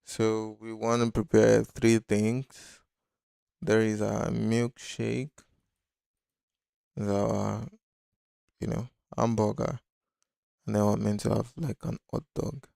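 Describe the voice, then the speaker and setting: A man's voice: on the low side, level tone, slow, gravelly, pauses often, dark tone, no room sound, clean studio sound. A man hosting a casual live-stream design tutorial, talking loosely and thinking aloud with many fillers. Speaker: design instructor.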